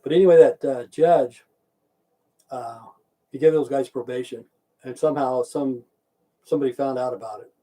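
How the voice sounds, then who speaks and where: A man's voice: mid-range voice, normal speed, pauses often, dark tone, poor audio. A man ranting casually on his livestream, rambling and swearing a lot and chatting back to viewers. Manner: rambling, profane, keeps saying "okay"; chats back to viewers in the stream chat. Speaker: livestream host.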